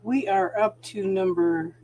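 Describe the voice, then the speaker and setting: A woman's voice: medium pitch, fairly even intonation, unhurried, dark tone. A middle-aged woman hosting a casual spiritual talk stream, chatting sympathetically with viewers and calling them hun.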